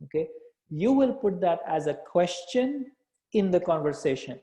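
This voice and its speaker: A man leads a live sales workshop in a voice pitched a little high, with a soft, dark tone. He repeats key phrases and keeps checking in with his listeners. The room gives his voice a clear echo. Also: very animated, normal speed. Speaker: sales coach. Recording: echoey room sound.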